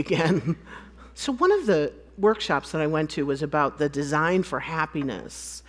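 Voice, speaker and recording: A woman from the United States giving a storytelling conference talk, acting out bits of dialogue and laughing often. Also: lowish voice. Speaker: conference speaker.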